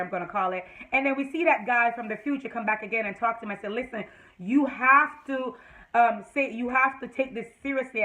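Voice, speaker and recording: A woman vlogger giving a chatty, animated recap of a TV episode, full of fillers and restarts. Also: fairly high pitch, low-quality recording. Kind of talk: casual recap talk to camera.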